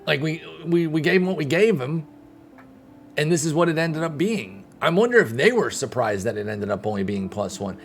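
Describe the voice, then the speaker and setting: Faint music plays behind a young man streaming games, whose voice sits on the high side and is expressive at a moderate pace. Ranting casually to his chat, he turns heated and rambling, with plenty of restarts.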